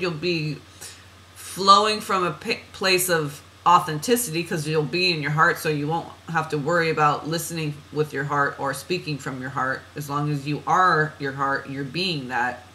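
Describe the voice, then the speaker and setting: A woman's voice: low voice, sharp tone, rough recording. Chatty woman reading oracle cards. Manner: chatty, laughs at herself, drifts off on tangents. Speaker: oracle card reader. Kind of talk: spiritual card reading monologue.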